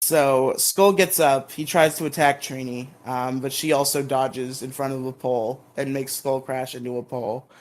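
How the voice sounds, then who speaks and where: A man's voice: mid-range voice, fairly even intonation, moderate pace, hardly any pauses. A man co-hosting a podcast, recapping episodes in a rambling, casual way with lots of ums and bursts of playful mock outrage. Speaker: podcast co-host.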